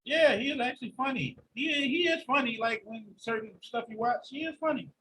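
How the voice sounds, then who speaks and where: A man's voice: very high-pitched, fairly quick, a little hiss or hum, low-quality recording. A man hosting a casual podcast, telling stories animatedly with lots of swearing. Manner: animated storytelling, heavy profanity. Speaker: podcast host.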